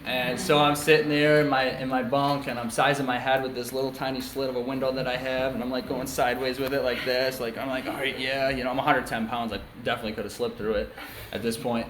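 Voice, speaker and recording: A man's voice: mid-range voice, little pitch movement, quick pace, hardly any pauses, a bit bright, a little hiss or hum. A young man from New York State telling his own story at a recovery meeting, speaking frankly and casually with many ums and you-knows. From New York State, USA. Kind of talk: candid personal testimony. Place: meeting room before a small group. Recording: echoey meeting room, faint ambience.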